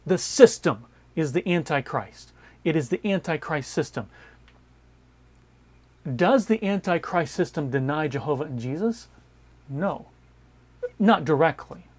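A man preaching a Bible study sermon in an emphatic way, repeating key phrases and moving between loud stresses and quiet asides. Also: fairly high pitch, animated, unhurried, long pauses, husky. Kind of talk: sermon-style Bible teaching.

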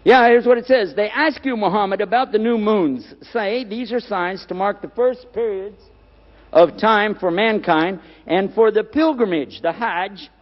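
An older man preaching a lecture, animated, putting questions to the audience and repeating key words. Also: high-pitched, measured pace, long reverb tail, highs cut off. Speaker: Islamic preacher.

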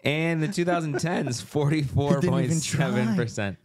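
A man's voice: fairly high pitch, a little slow, darkish tone. A man co-hosting a casual podcast, laid-back, often chiming in with short agreement. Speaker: podcast co-host. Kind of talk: casual chat.

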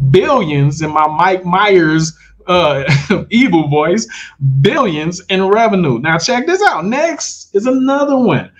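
A man hosting a casual livestream, giving a hyped, salesy pep talk straight to his viewers, full of slang and repeated phrases for emphasis. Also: high-pitched. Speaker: host of an online money-making livestream.

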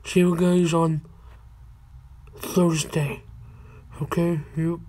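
A woman hosting her own channel in casual video chat, talking in halting, stop-start phrases. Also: on the low side, level tone, warm tone, slight background noise. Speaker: channel host.

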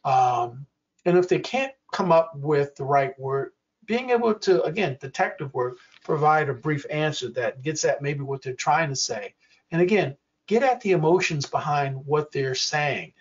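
Man in his 60s, workshop presenter, slow and clear, somewhat high voice, dull lo-fi audio. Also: lively intonation, recorded from a distance. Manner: slow, deliberate, acts out quoted examples. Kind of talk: educational workshop talk.

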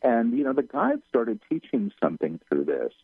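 A man being interviewed on radio who channels guides, repeating phrases softly as they come through. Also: medium pitch, wildly swooping pitch, moderate pace, creaky, husky, no room sound. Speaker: channeler guest. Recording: tinny phone line.

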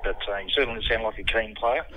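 A middle-aged Australian man, a tradesman taking a phone call, patient, polite and measured. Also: on the low side, a little hiss or hum. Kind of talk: phone conversation.

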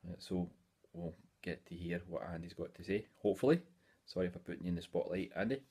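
A man's voice: low-pitched, quick pace, dark tone, husky. A Scottish man in his forties chatting casually in a hobby vlog, rambling along with lots of "eh" fillers. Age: 40s. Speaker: hobby YouTuber.

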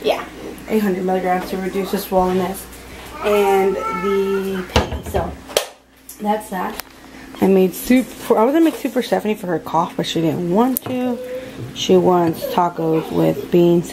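Against a noisy background, a young woman with a mid-range voice talks at normal speed. A mom and family vlogger, she chats to camera about her day at home, now and then soothing her fussy baby in a sing-song coo.

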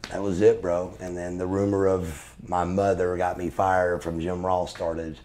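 A man's voice: low-pitched, little pitch movement, a little slow, darkish tone. A man in his forties, a former pro wrestler being interviewed, telling profane, blunt stories in a casual way. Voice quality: gravelly. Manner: profane, blunt storyteller calling the listener brother.

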